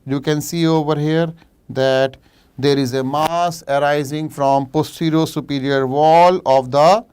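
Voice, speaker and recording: Smooth Indian man teaching a live revision class. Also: fairly high pitch, steady tone, unhurried, darkish tone. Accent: Indian English. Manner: explains cases while reading out viewers' chat answers; mixes in Hindi asides. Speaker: medical exam teacher. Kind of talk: live online revision lecture.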